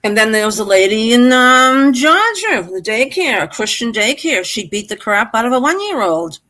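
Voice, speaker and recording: A woman's voice: on the high side, big pitch swings, normal speed, bright, forceful tone. An older woman calling in to a live stream, upset and rambling, with stammering restarts. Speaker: guest caller. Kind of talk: emotional live-stream chat.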